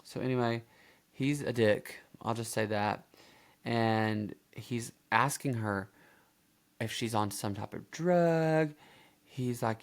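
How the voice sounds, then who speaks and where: A man's voice: medium pitch, slow, clear, resonant tone. A man hosting a reaction video, rambling casually with lots of fillers and self-corrections.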